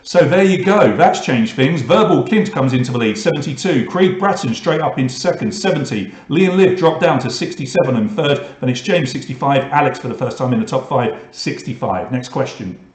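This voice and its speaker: Chatty British quiz host, echoey room. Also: male voice, medium pitch, animated, fairly quick, hardly any pauses. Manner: chatty, reads questions and scores with asides. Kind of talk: online pub quiz hosting.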